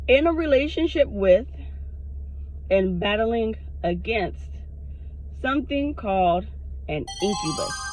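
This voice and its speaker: A woman vlogger telling a personal story to her camera in a frank, animated way, swearing freely. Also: medium pitch. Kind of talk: casual storytime monologue. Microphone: self-recorded on camera. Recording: dull lo-fi sound.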